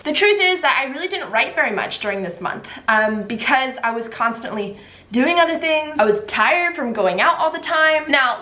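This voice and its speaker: A woman's voice: high-pitched, pushed and bright. A woman vlogger talking casually to camera in a chatty, upbeat way. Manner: chatty and upbeat, with a few restarts. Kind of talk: casual vlog talk to camera. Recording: echoey room with faint music.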